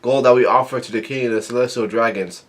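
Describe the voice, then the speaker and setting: A man's voice: medium pitch, fast talker, lightly acted. Man reading out a pleading village girl. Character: young village woman, frightened and pleading.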